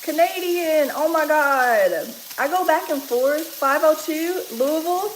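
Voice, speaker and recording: Over a sizzling pan, a Kentucky-accented livestream cooking host chats easily with viewers from her home kitchen and laughs a lot. She has a high voice with lively intonation and a measured pace, with a little hiss or hum on the recording.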